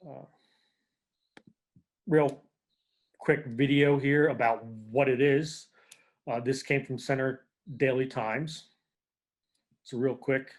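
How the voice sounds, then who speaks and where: A special education teacher presenting to a school board over a video call, in a casual, rambling way. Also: male voice, medium pitch, steady tone, takes it slowly, pauses often.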